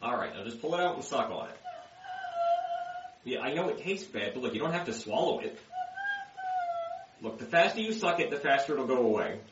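A man's voice: mid-range voice, expressive, fast talker, lo-fi sound, noisy background, natural voice. A man playing a bumbling, insecure male doctor who stammers and berates himself in a comedy skit. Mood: chatty. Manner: stammering, swings into self-hating shouting.

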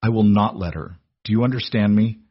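A man voicing a gruff, protective aristocrat who gives curt orders, in a dull lo-fi recording. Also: fairly low pitch, fairly quick, no echo. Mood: steady.

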